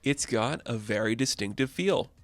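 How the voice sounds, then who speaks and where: Brief: enthusiastic male comic reviewer, loose chatty delivery, mid pitch, dry close sound. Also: moderate pace, no echo, faint music behind. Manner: chatty, filler-heavy, enthusiastic. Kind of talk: casual video comic review.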